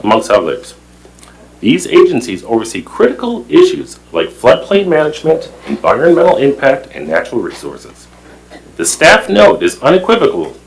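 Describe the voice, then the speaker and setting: A man reads a prepared statement at a town meeting, emphatic and formal. His voice is husky, and his pitch rises and falls a lot. He trips over a word here and there. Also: low-quality recording. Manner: formal, emphatic, stumbles over words now and then. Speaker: plan commission member.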